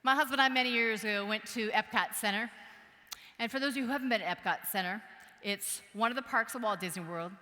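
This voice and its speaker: A woman from Wisconsin giving a motivational keynote speech, telling a story in a playful, animated way and acting out voices and sounds. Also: medium pitch. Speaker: keynote speaker. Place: large conference hall. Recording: long hall reverb.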